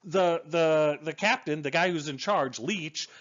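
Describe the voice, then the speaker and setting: A man's voice: on the high side, a little slow, few pauses, a bit bright, muffled recording. A man giving a casual, enthusiastic book review, rambling with plenty of restarts.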